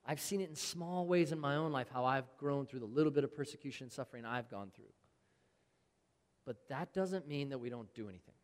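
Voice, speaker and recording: Male pastor, earnest sermon, conversational delivery, mid-pitched voice, long hall reverb. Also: expressive, fairly quick. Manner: earnest, conversational preaching with quoted scripture.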